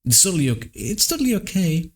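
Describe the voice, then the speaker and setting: A man voicing a bubbly, teasing young woman in a visual novel, in a high put-on voice. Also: very animated, quick pace, breathy edge, heavily acted.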